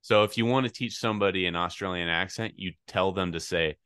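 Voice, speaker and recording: Male podcast co-host, deep voice, teasing and deadpan, dry studio sound. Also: brisk, smooth, no room sound. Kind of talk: casual chat.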